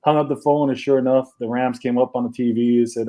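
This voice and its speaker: A man from Hawaii, a former football player, recalling his career in a relaxed interview chat with lots of fillers. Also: medium pitch, quick pace. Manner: relaxed, many fillers, acts out phone calls.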